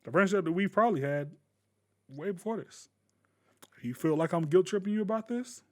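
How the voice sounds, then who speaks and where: A man ranting casually to camera as a gaming YouTuber, blunt and profane, with sudden loud bursts. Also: high voice, expressive, normal speed.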